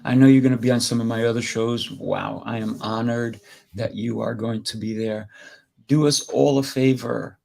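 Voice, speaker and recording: A man's voice: mid-range voice, steady tone, normal speed, vocal fry, darkish tone. A man hosting an interview, talking in an enthusiastic, effusive way. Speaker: host. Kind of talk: interview wrap-up chat.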